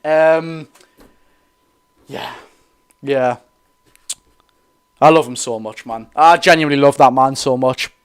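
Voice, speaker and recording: An eighteen-year-old man with a Geordie accent, chatting excitedly and rambling through a live football watch-along from a room at his dad's house. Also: medium pitch, smooth. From North East England. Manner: excitable, rambling, quick to apologise. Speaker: football fan streamer.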